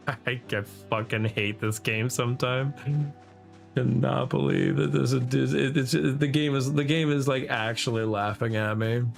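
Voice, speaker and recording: Slow, profane man narrating gameplay. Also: fairly low pitch. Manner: loose, profane, talking to himself. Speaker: gaming streamer and server host. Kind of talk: casual gameplay commentary.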